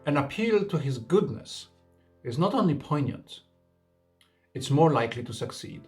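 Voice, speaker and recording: A man's voice: fairly high pitch, big pitch swings, normal speed, faint music behind. A man narrating a storybook reading and then reflecting on it in earnest book commentary.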